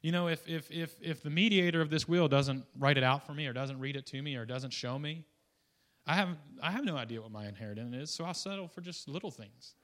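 A man preaching a casual sermon in a bright, somewhat high voice. He rambles and restarts, drops into quiet asides, then jumps up into loud, excited bursts. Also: fairly quick. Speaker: guest preacher. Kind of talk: informal sermon.

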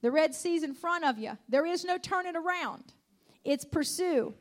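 A woman's voice: very high-pitched, lively intonation, normal speed. A woman preacher delivering a sermon, emphatic and repetitive, often calling out hallelujah. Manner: emphatic, repeats lines, calls out hallelujah.

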